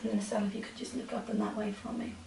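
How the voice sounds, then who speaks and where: A woman makeup artist narrating a tutorial, giving soft, coaxing instructions to her model as she works. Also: on the high side, level tone, fast, creaky, slight background noise. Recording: roomy, from a distance.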